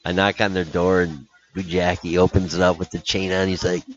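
A man's voice: low-pitched, little pitch movement, fairly quick, muffled recording. A man who coaches hockey, telling stories in a podcast interview with animation and laughing at his own punchlines.

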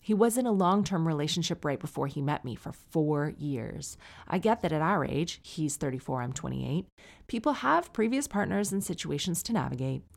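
A woman's voice: low-pitched, animated, normal speed, gravelly. A woman in her forties hosting a podcast, chatting casually and wryly as she reads out listener emails. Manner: chatty, wry, teasing. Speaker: podcast host and comedian.

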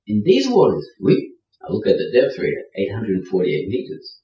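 An animated man spins a casual story, his pitch rising and falling freely. He sounds distant in a roomy space. The recording is a little dull. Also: normal speed. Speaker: guest storyteller. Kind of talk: casual anecdote.

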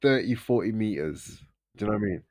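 A young man tells a story in a relaxed podcast chat. His voice sits a touch low, and he jumps up in pitch whenever he acts out his mates. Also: fast. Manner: animated, acts out friends' lines in raised voices. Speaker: podcast host.

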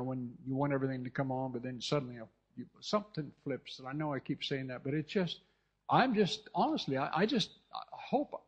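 A man's voice: on the high side, husky. A man from California preaching a sermon with fervent, repetitive delivery, often restarting and turning to the congregation with asides. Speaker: pastor. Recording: dull lo-fi recording.

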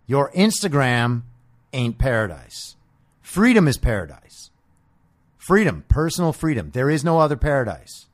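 Animated, combative male podcast ranter. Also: medium pitch, measured pace. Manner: combative, sarcastic, profane ranting. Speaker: podcast host. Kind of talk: political commentary monologue.

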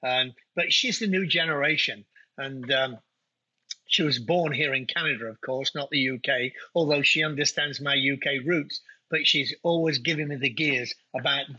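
A man's voice: medium pitch, moderate pace, sharp tone, breathy edge. A middle-aged man from England with a Nottingham accent, chatting as an interview guest about his business, his speech full of uh fillers. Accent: English, Nottingham. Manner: chatty, anecdotal, frequent uh fillers. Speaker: guest, winery owner. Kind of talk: casual interview chat. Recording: dull lo-fi audio.

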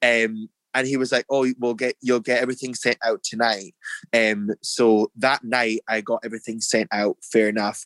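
A man's voice: on the low side, fairly bright tone, no room sound. A young Scottish man tells his story in a loose, chatty way, full of fillers and restarts. He jumps his voice up to act out what other people said. The sound is dry and close, with little room around it. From Scotland. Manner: chatty, filler-heavy, acts out quotes in a raised voice. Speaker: guest, drag performer. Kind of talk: casual storytelling interview.

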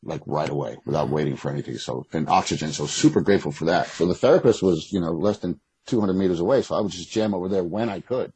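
Middle-aged man, deep husky voice, quick blunt delivery, interview guest. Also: darkish tone, no room sound, poor audio. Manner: candid, blunt, rambling with restarts. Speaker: guest, author. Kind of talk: casual interview conversation.

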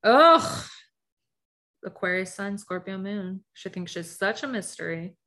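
A woman's voice: medium pitch, steady tone, moderate pace, a bit bright. Blunt, laughing young woman podcaster. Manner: blunt, swears freely, laughs often, heavy use of "like". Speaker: podcast co-host. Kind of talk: casual chat.

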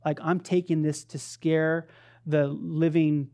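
A woman preacher giving a sermon in a conversational, playful, animated storytelling manner. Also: low voice, slow pace.

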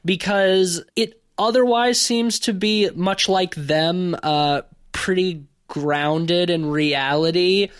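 A man's voice: sits high, clear, resonant tone. A man in casual podcast chat, giving blunt opinions about a movie and swearing now and then. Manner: opinionated, swears casually, quick bursts of talk.

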